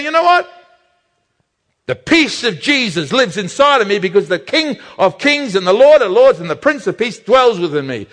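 A man preaching a sermon emphatically, slowing down to stress key phrases. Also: high-pitched, fairly bright tone. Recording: reverberant hall.

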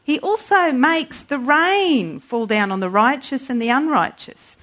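A woman preaching a sermon in an animated way, acting out voices when she quotes. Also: sits high, a little slow.

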